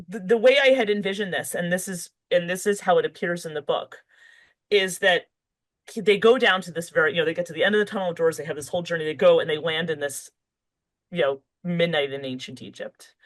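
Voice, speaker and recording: A woman's voice: on the low side, a little fast, fairly bright tone, low-quality recording. A woman author speaking as a podcast guest, talking in a loose, conversational way full of fillers and restarts. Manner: thinks aloud with fillers and restarts. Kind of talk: conversational interview.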